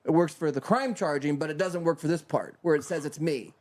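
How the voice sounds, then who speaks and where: A man's voice: a little high, brisk. A man co-hosting a casual talk show, ranting heatedly and profanely. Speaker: podcast co-host. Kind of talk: casual comedic rant.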